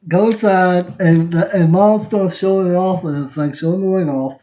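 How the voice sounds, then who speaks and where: The voice sits high and warm, moving at normal speed with hardly any pauses. He's a man in his 20s hosting a podcast on a phone livestream, laughing his way through rambling, repetitive family stories. The recording sounds roomy, dull and lo-fi.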